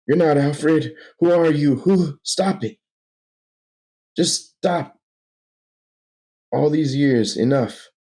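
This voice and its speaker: A man's voice: medium pitch, a little slow, gravelly, hardly any pauses, warm tone, voice pushed up. A man voicing a panicked grown man waking from long confinement, pleading and crying out. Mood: panicked shouting.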